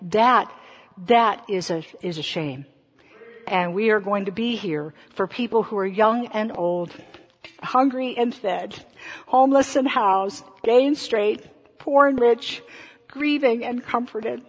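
A woman's voice: on the high side, a little slow, husky. A woman pastor giving an earnest Easter sermon and prayer, with rhythmic, repeated phrases. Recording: long hall reverb.

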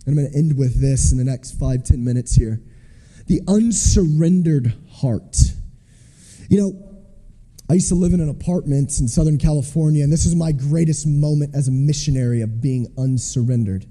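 A man's voice: on the high side, moderate pace, mellow. A man preaching a sermon in a conversational storytelling way, acting out the voices of the people he quotes. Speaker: preacher, missionary. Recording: long reverb of a large hall.

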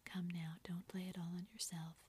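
Whispered role-play, eager girl posing as a gentleman, voiced by a woman, breathy, low. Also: level tone, normal speed. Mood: earnest.

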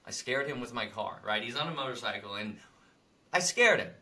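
Bright-voiced man telling animated stories. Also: fairly low pitch, fast talker. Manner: animated storytelling, acts out angry quotes loudly; rambling with many fillers. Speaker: podcast co-host. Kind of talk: casual spiritual chat.

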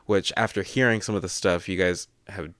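A man's voice: low-pitched, steady tone, fairly quick, a bit bright, no echo, clean studio sound. A young man co-hosting a podcast, chatting casually and telling stories with many filler words. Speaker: podcast co-host. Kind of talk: casual chat.

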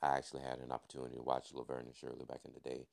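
A man's voice: rumbling low, monotone, rapid-fire, vocal fry, darkish tone. A man hosting a podcast, giving a casual news and sports recap in a laid-back way, peppering his talk with "man" and playful wordplay. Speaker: podcast host.

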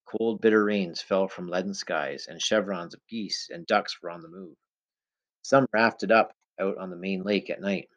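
A man reading a novel aloud in the first person, in a measured, low-key storytelling manner. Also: dull audio. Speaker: audiobook narrator.

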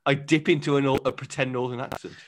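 A man co-hosting a comedy podcast, jokey and quick to laugh as he riffs on silly ideas. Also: medium pitch, little pitch movement. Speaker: podcast co-host.

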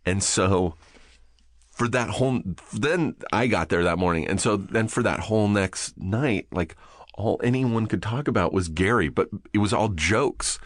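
As a podcast guest, a middle-aged man with a very low, deep voice tells a relaxed story full of swearing, growing animated and laughing along the way. He speaks a little slowly, and the recording is close and dry with no room sound.

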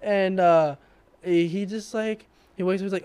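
A young man casually telling a story to friends, animated and laughing as he acts out what people said. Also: high-pitched, moderate pace, smooth.

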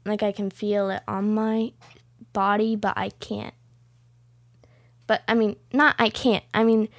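A woman's voice: medium pitch, no echo, clean studio sound. A woman hosting a casual podcast, rambling along with plenty of "like" fillers. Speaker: podcast host.

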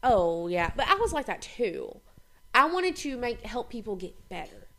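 A young woman chatting candidly on a podcast, blunt and quick to swear. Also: a little high, very animated, a bit bright, slight background noise. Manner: blunt, heavy swearing, speeds up when worked up. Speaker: podcast co-host. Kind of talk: candid casual chat.

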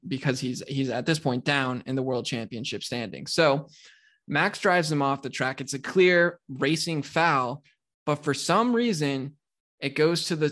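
A man co-hosting a podcast, telling a sports story in an animated, ranting way. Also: medium pitch. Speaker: podcast co-host. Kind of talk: casual podcast chat.

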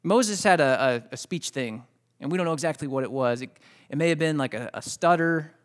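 A man's voice: on the high side, a little fast. A man pastor preaching a Sunday morning sermon in a conversational, storytelling way, often restarting his words and speaking directly to the congregation.

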